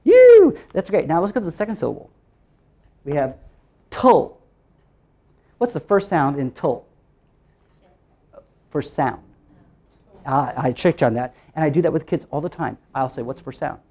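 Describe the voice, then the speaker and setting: A man training teachers in a phonics workshop, lively and quick to jump in pitch, asking questions and answering them himself as he chants through repeated steps.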